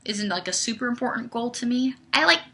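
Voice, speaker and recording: A little high and bright, her voice is animated, brisk, and forceful. The young woman runs a casual livestream, answering viewer questions in a chatty way loaded with "like" and "um."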